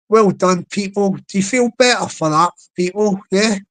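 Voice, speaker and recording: A man's voice: high-pitched, a bit bright, poor audio. A man on a casual live stream, playfully repeating a catchphrase and coaxing his chat to join in. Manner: repetitive, playful, drawn-out delivery.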